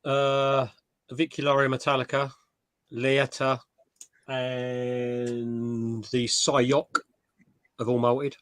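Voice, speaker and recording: An easygoing man chats on a live stream and laughs often. His voice is mid-pitched and sounds dry and close. He talks in a loose, relaxed way. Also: very slow, pauses often, clear, resonant tone, dry recording. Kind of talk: casual chat.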